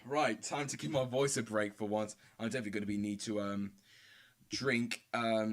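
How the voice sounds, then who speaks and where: A young man giving excitable, rambling commentary as he live-streams a football match from home. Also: on the low side, moderate pace. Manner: excitable, rambling, many fillers. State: out of breath. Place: home room.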